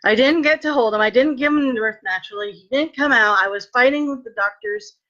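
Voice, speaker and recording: A woman recounts a personal ordeal with a bright, forceful voice. She brings each exchange to life and grows earnest and preachy as she turns to faith. The recording sounds dull and lo-fi. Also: a little high, brisk. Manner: animated, acts out quoted dialogue. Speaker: vlogger sharing a personal testimony. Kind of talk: personal storytelling.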